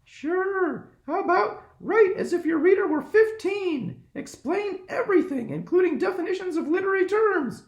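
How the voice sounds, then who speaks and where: A man voicing an eager young boy spider superhero, squeaky and quick. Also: animated. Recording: echoey room.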